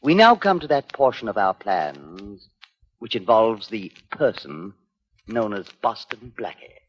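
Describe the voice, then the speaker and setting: An actor playing a calculating male crime boss who gives orders in a measured, menacing way, in the manner of 1940s radio acting, heard on a muffled old radio recording. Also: lowish voice, big pitch swings, noisy background. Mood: scheming.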